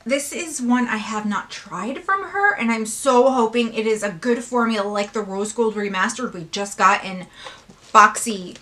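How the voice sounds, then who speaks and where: A woman beauty vlogger unboxing and swatching makeup, gushing and excitable, now and then dropping to a hushed whisper. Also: a little high, a little slow.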